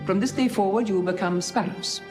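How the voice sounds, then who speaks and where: A woman's voice: mid-range voice, a little fast, natural voice. An actress voicing a stern, commanding woman who trains spies, in a film trailer clip. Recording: film trailer audio under loud music.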